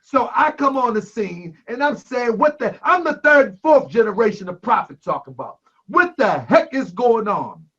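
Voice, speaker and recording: Male call-in host, very high pitch, insistent and heated, muffled lo-fi audio. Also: sing-song, moderate pace, a bit bright, husky. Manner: emphatic, keeps calling people brother, raises his voice. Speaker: talk show host taking callers. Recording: lo-fi online broadcast audio.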